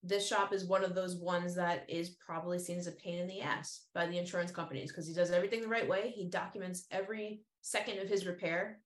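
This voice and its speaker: A woman's voice: on the low side, steady tone, fast talker, hardly any pauses. A woman in a casual podcast chat, speaking emphatically with strong opinions. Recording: echoey room sound.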